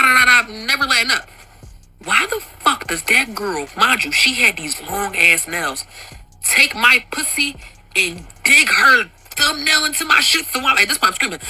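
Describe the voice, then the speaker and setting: A young woman telling a personal storytime to her viewers, animated and profane, laughing often. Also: high-pitched, rough recording. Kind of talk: casual storytime monologue.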